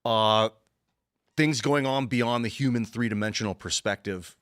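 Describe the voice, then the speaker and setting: A man's voice: mid-range voice, unhurried, a bit bright, no echo, clean studio sound. A man co-hosting a podcast, musing in a laid-back way about spirits and reality in a casual debate. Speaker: co-host.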